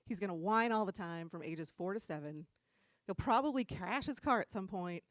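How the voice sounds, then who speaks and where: A woman's voice: medium pitch, expressive, moderate pace, no room sound, close to an everyday voice. A woman voicing an imagined Jesus who grumbles wearily and dismissively about someone who will cause him trouble. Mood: exasperated. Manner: weary, exasperated grumbling.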